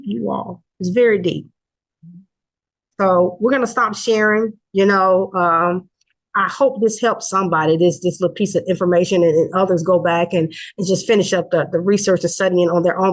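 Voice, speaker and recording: An older woman gives an informal teaching. Her delivery is earnest and rambling, full of pauses and self-corrections. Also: mid-range voice. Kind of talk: casual teaching talk.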